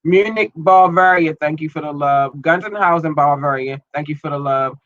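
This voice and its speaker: A man's voice: a little high, moderate pace, fairly bright tone, no room sound, highs cut off. A man hosting his own podcast in loose, rambling slang, filled with ums, talking through an irritated, watering eye. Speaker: podcast host. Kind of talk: casual solo podcast chat.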